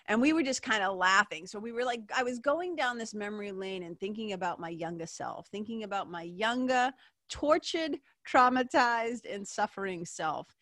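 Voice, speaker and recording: A woman in her fifties from Massachusetts, rambles through a personal story on her podcast. Her voice is bright and forward. She leans on "like", swears freely and laughs, and the sound is dry and close. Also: mid-range voice, dry recording. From Massachusetts, USA. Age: 50s. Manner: rambling, heavy "like" fillers, swears, laughs often. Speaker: podcast host.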